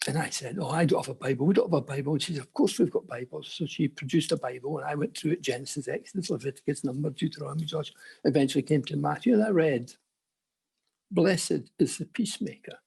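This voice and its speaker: An older man shares his personal testimony at a conference. His voice is rough and gravelly, strongly husky, and sits a little higher than most men's. He tells it earnestly, dropping into hushed asides. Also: quick pace. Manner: earnest storytelling with quiet asides. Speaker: conference speaker.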